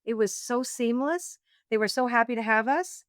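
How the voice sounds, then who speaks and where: A woman being interviewed, telling a personal story in a lively, laughing way and acting out what she and others said. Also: on the high side, moderate pace, no room sound, clean studio sound. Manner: animated, laughing storyteller, acts out her own quotes. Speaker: guest, oracle deck author.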